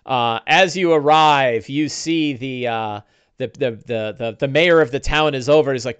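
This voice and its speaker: A man's voice: mid-range voice, measured pace, a bit bright, clean tone. A man narrating a tabletop game as game master, rambling with many restarts. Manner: rambling, with frequent fillers and restarts.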